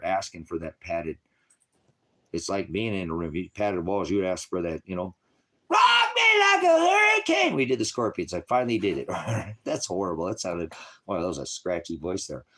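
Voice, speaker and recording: A middle-aged man delivers a loose, rambling sermon in a lowish voice. He talks bluntly and goes from quiet musing to loud, forceful bursts. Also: breathy edge. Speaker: preacher. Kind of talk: informal livestream sermon.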